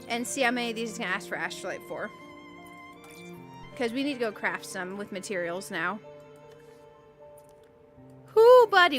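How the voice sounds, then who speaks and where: A woman streaming a game, chatting casually, giggling often and greeting viewers by name. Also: medium pitch. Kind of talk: casual live-stream chat while playing.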